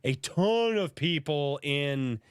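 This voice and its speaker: A man's voice: fairly high pitch, expressive, slow pace, smooth, no room sound, clean studio sound. A man hosting a casual livestream podcast, sick with a sore throat and cough, greeting viewers by name and laughing through his coughing. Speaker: podcast host.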